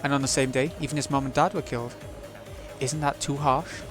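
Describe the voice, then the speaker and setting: A man's voice: medium pitch, fairly even intonation, fairly quick, over music, lightly acted. A man reading a visual novel aloud, voicing a grieving, hot-headed young man who makes bitter, defiant outbursts.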